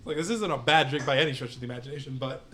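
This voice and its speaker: A man's voice: medium pitch, very fast, sharp tone, a little hiss or hum. A young man co-hosting a podcast in casual chat, easygoing and hedging, often laughing as he talks. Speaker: podcast co-host. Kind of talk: casual chat reviewing drinks.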